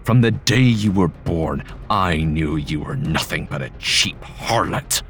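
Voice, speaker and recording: Harsh, growling father, voiced by a man, low and contemptuous. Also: animated, a little slow, a bit bright, faint music behind.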